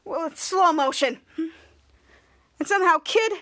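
A woman rambles through a TV episode recap on her podcast, casually repeating herself and reusing "somehow" and "cut to." Her very high-pitched voice is pushed and bright, and she takes it slowly.

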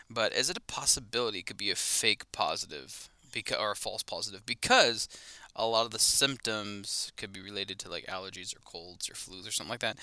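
A man's voice: on the low side, bright, forceful tone, clear, resonant tone, dry recording. A man co-hosting a casual sports podcast, rambling and correcting himself as he goes. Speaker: podcast co-host.

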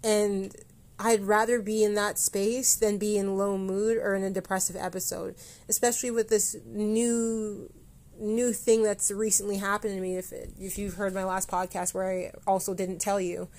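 A woman hosting her own motivational podcast, with a voice of middling pitch. She rambles and keeps correcting herself as she goes, speaking straight to the listener as though she were calling them out. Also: little pitch movement, normal speed, darkish tone. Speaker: podcast host. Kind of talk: motivational solo podcast talk.

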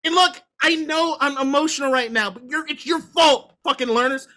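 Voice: high-pitched, normal speed, sharp tone. A sports podcast host in casual talk, ranting in a heated, profane way and hammering points home by repeating them. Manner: emphatic repetition.

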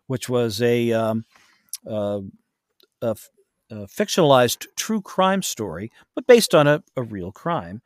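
A man talking casually about his narration work, wandering through his points with plenty of ums and restarts. His voice sits at an ordinary middle pitch. The sound is dry and close, with no room echo. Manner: rambling, many fillers and restarts. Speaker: audiobook narrator guest. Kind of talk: casual interview chat.

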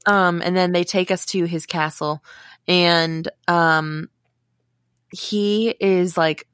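A woman co-hosting a podcast in casual chat, animated and laughing, acting out quotes from the film. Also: fairly low pitch, slow pace, clean tone, dry recording, studio quality. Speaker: podcast co-host.

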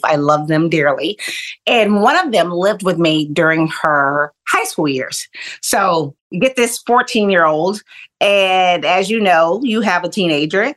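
Woman, middle-aged, kindness coach, animated storytelling, acts out quotes, laughs often, lowish voice. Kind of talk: personal storytelling interview.

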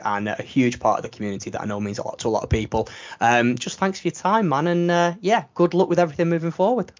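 A man hosting an interview, thanking his guest warmly and at length. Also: mid-range voice. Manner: friendly, effusive thanks. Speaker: podcast host. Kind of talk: casual interview sign-off. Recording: slightly muffled sound.

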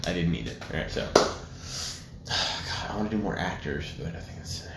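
A man's voice: deep voice, moderate pace, vocal fry. A young man co-hosting a casual podcast, making crude jokes and swearing freely. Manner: crude, joking, swears a lot. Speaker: podcast co-host. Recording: echoey room, faint ambient noise.

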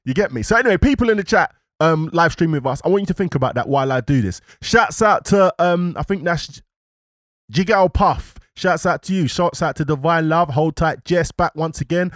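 A man's voice: fairly high pitch, a little fast, dry recording, clean studio sound. A man, co-hosting a live-streamed podcast in casual, rambling chat full of slang. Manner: animated, rambling, London slang. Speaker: podcast co-host. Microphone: podcast microphone.

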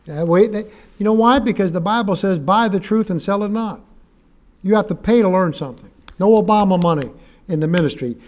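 Folksy man preaching, bright high voice, joking asides, emphatic scripture. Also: fairly quick. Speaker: guest preacher. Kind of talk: sermon. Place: church sanctuary.

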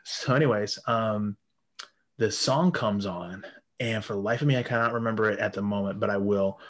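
A man's voice: on the low side, normal speed, fairly bright tone. Crude rambling man in his thirties. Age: 30s. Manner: crude, rambling, swears often. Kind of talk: casual anecdote.

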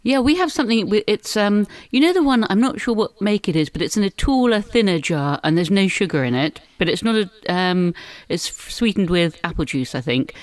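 A woman's voice: medium pitch, expressive, no echo. Chatty woman, dry sound. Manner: chatty, prim, quick to scold. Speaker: co-host. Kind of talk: casual chat.

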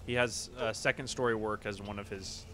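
A man's voice: on the low side, steady tone, fairly quick, pushed and bright, slight background noise. A man in a tabletop game, chatting casually and joking. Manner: joking, laughs often. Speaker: player.

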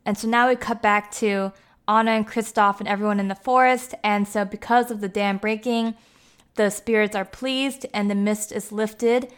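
A woman's voice: mid-range voice, fairly even intonation, normal speed, smooth. A woman giving a casual, chatty recap, with lots of "like" and "you know" as she talks.

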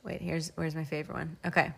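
A woman's voice: sits low, flat delivery, fast talker, creaky, husky. Amused woman chatting casually. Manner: laughs often, reads tweets aloud with amused emphasis. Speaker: podcast co-host. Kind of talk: casual chat about a reality show.

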